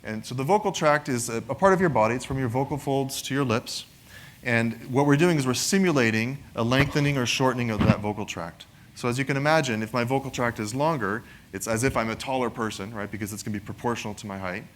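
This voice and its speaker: A man walks an audience through a technical product demo in a relaxed, conversational way. His voice sits at a mid pitch, and he often checks in with "right?". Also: quick pace, a little hiss or hum. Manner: conversational, frequent "right?" tag questions. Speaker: presenter.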